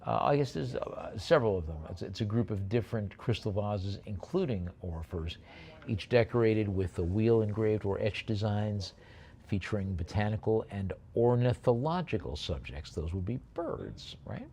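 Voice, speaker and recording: A man working as an auctioneer, calling bids briskly and adding chatty asides about each lot. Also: fairly low pitch, animated, warm tone, slight background noise. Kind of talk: live auction bid calling.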